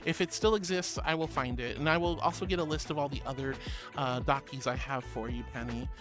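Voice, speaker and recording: Over background music, a woman hosting a stream chats casually and reads out viewer comments in a bass voice, speaking a little fast. Her manner is bubbly, affectionate and full of giggles.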